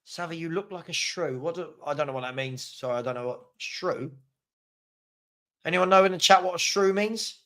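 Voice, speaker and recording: A man with a notably high speaking voice hosts a live football watchalong. He talks casually and animatedly, reacting to the match and answering viewers' comments with frequent chuckles. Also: moderate pace, fairly bright tone. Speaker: host of a football fan watchalong.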